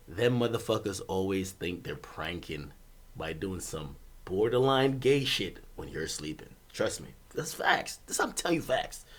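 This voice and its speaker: Animated young man telling a wild story. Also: medium pitch. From Jamaica. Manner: animated, swears freely, bursts of laughter, swings from loud to muttered. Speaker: streamer. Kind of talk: casual storytelling chat.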